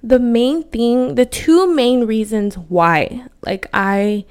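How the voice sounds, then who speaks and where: Candid woman talking, smooth voice. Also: fairly high pitch, takes it slowly, hardly any pauses, a little mellow. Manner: candid, heartfelt, many fillers like "like". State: voice cracking with emotion. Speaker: podcast host. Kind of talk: personal monologue.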